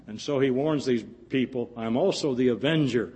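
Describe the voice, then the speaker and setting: Husky preacher man, emphatic sermon. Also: mid-range voice, normal speed, warm tone. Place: church.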